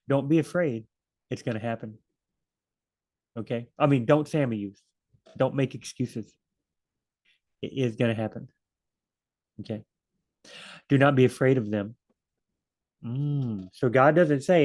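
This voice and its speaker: A man's voice: mid-range voice, measured pace, long pauses, darkish tone. A man teaching a casual Bible study, rambling, correcting himself and acting out quoted lines. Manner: rambling and self-correcting, acts out quotes in different voices.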